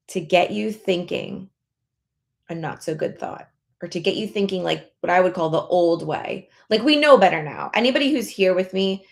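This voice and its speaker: A woman's voice: on the low side, gravelly. A woman weight loss coach talking casually in a members-only live session, encouraging listeners and acting out their inner thoughts.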